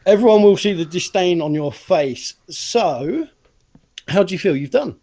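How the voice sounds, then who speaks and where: A man's voice: sits high, expressive, measured pace, mellow. A man hosting a casual livestream interview, joking and teasing, with a sore throat. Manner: jokey, teasing, laughs often. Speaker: host, interviewer.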